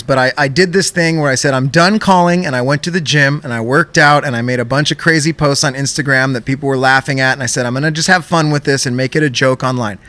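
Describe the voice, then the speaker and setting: A young man co-hosting a podcast, telling an animated story in casual chat and swearing often. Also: on the high side, no room sound. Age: young adult. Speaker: podcast co-host.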